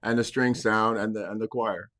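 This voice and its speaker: Enthusiastic low-voiced man interviewing. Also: fairly even intonation, normal speed, fairly bright tone. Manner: enthusiastic and reminiscing, with frequent restarts. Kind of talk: conversational interview.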